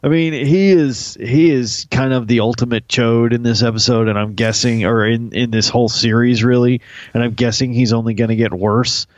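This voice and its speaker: A man chatting casually about a TV series, animated and crude, joking with his co-host. His voice sits in a middling register. The recording is dry, with a slightly dull, lo-fi sound. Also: medium pitch, moderate pace, no room sound. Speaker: podcast co-host. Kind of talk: casual TV recap chat.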